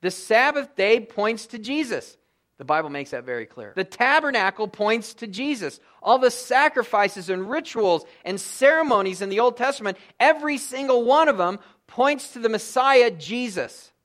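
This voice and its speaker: A middle-aged man preaching in a high, lifted voice. He works through scripture in an earnest sermon and presses his listeners with repeated rhetorical questions. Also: expressive, moderate pace, fairly bright tone. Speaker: pastor.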